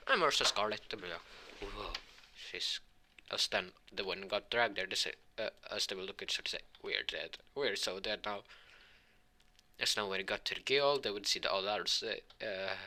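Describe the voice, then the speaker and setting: Rambling man with a sharp, bright voice. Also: deep voice. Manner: rambling, halting delivery with many restarts; voices the characters' lines in his own voice. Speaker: fan fiction storyteller. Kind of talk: improvised fan fiction storytelling.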